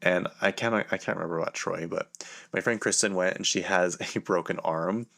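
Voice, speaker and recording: A man's voice: low voice, a little fast, vocal fry, fairly bright tone. A young man hosting a podcast, telling a rambling, casual story full of fillers and restarts. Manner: rambling, filler-heavy, self-interrupting. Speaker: podcast host.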